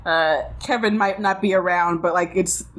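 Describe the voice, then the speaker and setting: A woman's voice: lowish voice, steady tone, moderate pace, a bit bright. A woman co-hosting a podcast in casual chat, tossing in teasing quips between laughs. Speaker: podcast co-host.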